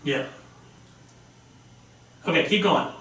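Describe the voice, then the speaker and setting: A man hosting a casual chat show, chatty and quick to repeat himself. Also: on the high side, bright, forceful tone. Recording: echoey room, far from the mic.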